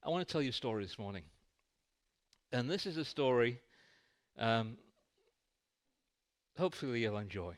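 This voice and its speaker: A man tells a light-hearted story as part of a sermon in a church. His delivery is animated, with a lively, swinging pitch. His voice sits a little on the high side. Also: clear, resonant tone. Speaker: preacher.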